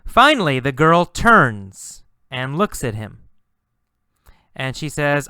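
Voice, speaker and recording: A man's voice: mid-range voice, sing-song, slow pace, pushed and bright, clear, resonant tone, dry recording, clean studio sound. A man teaching English, patiently explaining words and repeating simple example sentences. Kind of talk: slow, repetitive lesson narration.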